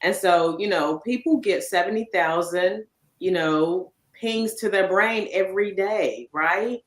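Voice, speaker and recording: A woman's voice: on the low side, a little slow. A woman hosting a casual interview, chatting with frequent tag questions. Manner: conversational, tag questions like "right?". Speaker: podcast host. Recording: roomy echo.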